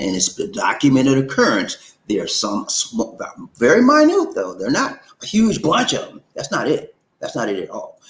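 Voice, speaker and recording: A man hosting a casual livestream who talks loosely and animatedly, jumping up high when he gets worked up. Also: reverberant, low-quality recording. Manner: animated, swings up high when excited, says "man" and "okay?". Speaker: livestream host.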